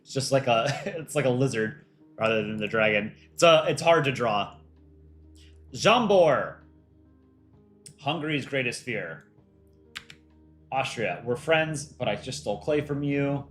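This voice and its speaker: A man's voice: mid-range voice, lively intonation, a little slow, pauses often, a bit bright, faint music behind. A man hosting a casual livestream, reading out fan art entries and reacting with light jokes.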